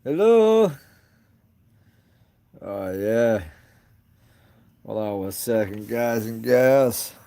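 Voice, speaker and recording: Slow, rambling man live-streaming. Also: lowish voice, fairly even intonation, creaky, warm tone. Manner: slow, rambling, greets viewers. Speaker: livestream host. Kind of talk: casual live-stream chat.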